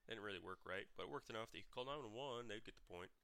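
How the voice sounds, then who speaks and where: Deep-voiced guy telling stories on his podcast, blunt, swears a lot, keeps restarting his sentences. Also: racing, sharp tone, clean tone. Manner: blunt, profane, frequent restarts. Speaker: podcast host. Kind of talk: solo podcast storytelling.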